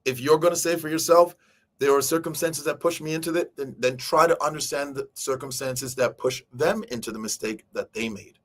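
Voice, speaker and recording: A man's voice: medium pitch, fairly quick. A man hosting a live stream, talking casually to his viewers about a book and acting out quoted speech along the way. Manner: animated, addresses viewers directly, acts out quoted speech. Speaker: show host.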